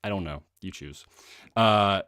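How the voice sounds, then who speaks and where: A man's voice: low-pitched, measured pace, a bit bright, no echo, clean studio sound. A man hosting a casual book club live stream, rambling with fillers and frequent laughs.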